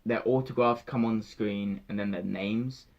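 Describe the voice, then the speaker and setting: A young man, giving an emotional, halting spoiler review of a film that often repeats itself. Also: lowish voice, fairly even intonation, creaky. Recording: dull lo-fi sound.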